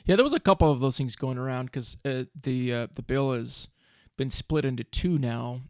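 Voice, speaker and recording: A man's voice: mid-range voice, animated, moderate pace, clean tone, no room sound, clean studio sound. A man co-hosting a finance podcast in casual chat, explaining things with frequent restarts. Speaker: podcast co-host.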